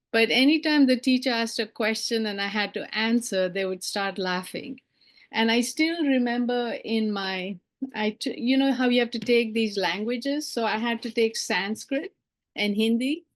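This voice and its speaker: A middle-aged woman from India giving a personal storytelling speech, animated and acting out the voices of the people she quotes. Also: on the high side. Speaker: keynote speaker.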